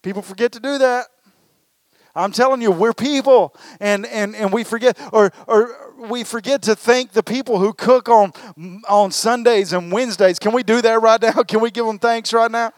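A man preaching a sermon as pastor, animated and calling on the congregation to respond. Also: very high voice, normal speed, dry recording, studio quality. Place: church service.

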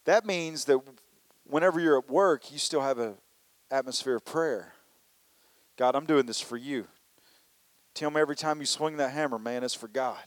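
Higher-voiced male pastor, dry close sound. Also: fairly quick, no echo. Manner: conversational preaching with many "you know" fillers and acted-out complaints. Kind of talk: sermon.

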